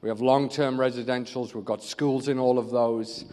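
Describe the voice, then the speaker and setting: A man from northeast England with a northeast English accent, preaching a lively, joking sermon. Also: mid-range voice, moderate pace. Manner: lively, joking, animated storytelling. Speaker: pastor and charity leader. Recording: reverberant hall.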